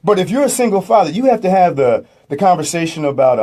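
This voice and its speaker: A male radio host talks with a mellow, warm tone and a very animated, up-and-down delivery. He jokes with his guests and slips in preachy asides to the listeners. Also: sits high, fast, a little hiss or hum. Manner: lively, joking, preachy asides. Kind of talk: radio interview. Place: radio studio.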